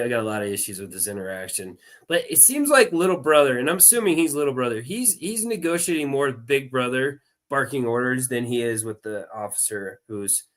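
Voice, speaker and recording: A man's voice: medium pitch, a bit bright. A man hosting a live stream, giving opinionated, mocking reaction commentary on a clip. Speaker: stream host.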